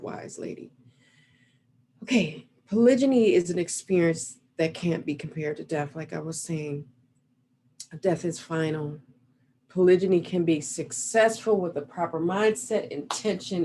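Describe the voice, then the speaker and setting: Earnest woman coach, lower voice. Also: dark tone. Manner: earnest, reflective, guiding listeners through an exercise. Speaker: relationship coach. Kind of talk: motivational talk. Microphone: video call. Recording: faint noise over a video call.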